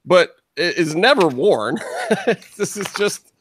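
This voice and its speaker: A man's voice: sits high, animated, slow pace, background noise. A man co-hosting a casual wrestling podcast round table, telling a long behind-the-scenes story with laughs and swearing. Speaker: podcast co-host.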